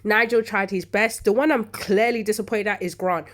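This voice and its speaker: Woman, a bit sick, casual soap review host, slangy, exasperated outbursts, mid-pitched voice. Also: normal speed. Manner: animated and exasperated, rising to loud indignant outbursts; slangy, addresses viewers directly. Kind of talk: casual chatty episode review.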